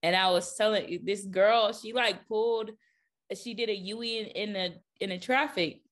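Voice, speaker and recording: A woman's voice: medium pitch, normal speed. A woman co-hosting a podcast in casual chat, telling stories with lots of laughter. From American South. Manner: animated, laughing storyteller. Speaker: podcast co-host.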